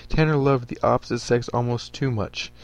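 The podcast storyteller continues reading at a moderate pace, faint music playing behind him. His middle-pitched voice remains calm and even throughout the narration.

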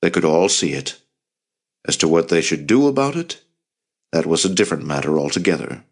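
A man reading an audiobook in scripted narration, measured and grave. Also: low voice, sing-song, slightly rough.

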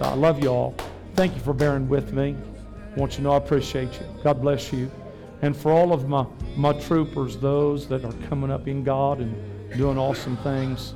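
A man, pastoring a revival service, preaching fervently and then dropping to soft personal asides during altar prayer. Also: mid-range voice. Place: church sanctuary.

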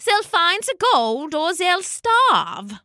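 A woman voicing a greedy, selfish male lord who blusters and shouts in a storybook reading. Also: sing-song, normal speed, no room sound, clean studio sound, heavily acted. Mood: smug. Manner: shrill, blustering outbursts.

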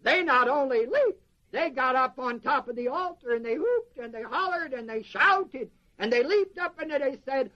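A man preaching a sermon in an animated way, quizzing the congregation with questions. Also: very high-pitched, moderate pace. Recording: dull lo-fi sermon recording.

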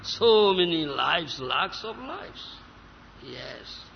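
A man's voice: high-pitched, sing-song, measured pace, vocal fry, slight background noise. A man giving a devotional sermon, stressing points with sudden rhetorical questions to his listeners. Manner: emphatic, rhetorical questions to listeners, breaks into chanting. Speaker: spiritual teacher. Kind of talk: devotional lecture with sung verses. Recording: lo-fi hall recording, faint ambience.

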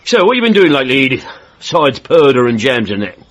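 A man's voice: mid-range voice, very animated, quick pace, a bit bright. A teasing, flirtatious countryman. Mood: jovial. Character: jovial, flirtatious countryman, middle-aged. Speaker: convalescing family man. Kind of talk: period TV comedy-drama acting.

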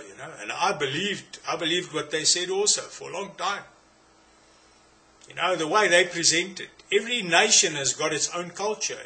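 A South African man preaching a sermon in a fairly high voice. His delivery is emphatic and insistent, circling back on his points and throwing rhetorical questions at his listeners. The tone stays bright and forceful throughout.

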